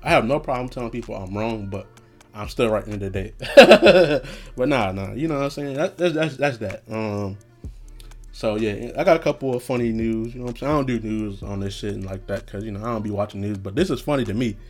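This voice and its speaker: A man's voice: fairly low pitch, fast talker, darkish tone, soft background music. A young man hosting a casual solo podcast, talking in a laid-back, profane way and laughing often. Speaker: podcast host.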